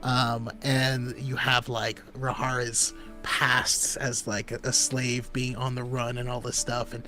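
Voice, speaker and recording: A man's voice: mid-range voice, completely flat delivery, takes it slowly, bright, forceful tone, faint music behind. Easygoing man laughing through podcast chat. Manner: easygoing, laughs often, reads chat comments. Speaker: podcast co-host. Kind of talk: casual chat.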